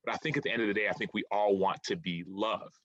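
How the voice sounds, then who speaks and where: Bright-voiced man telling his story. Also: fairly low pitch, steady tone, fast, dry recording, dull audio. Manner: earnest, reflective, repeats phrases. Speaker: author and former football player. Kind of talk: interview, storytelling.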